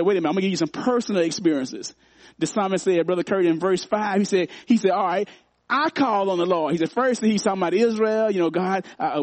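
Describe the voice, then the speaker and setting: A man's voice: high-pitched, a little mellow, dry recording. A man preaching a sermon, repeating phrases for emphasis and calling out to his congregation. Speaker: pastor. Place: church.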